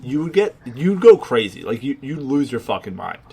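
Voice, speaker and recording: A man's voice: mid-range voice, sing-song, normal speed, creaky, mellow, breathy edge. A man co-hosting a podcast in casual chat, rambling and leaning heavily on filler words. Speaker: podcast co-host.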